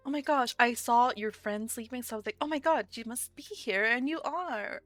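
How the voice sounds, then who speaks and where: A woman voicing an excitable young woman, a little sister who gushes and fires off quick questions. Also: on the high side, faint music behind, pitched above the performer's own voice, natural voice. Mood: excited. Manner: gushing, rapid questions.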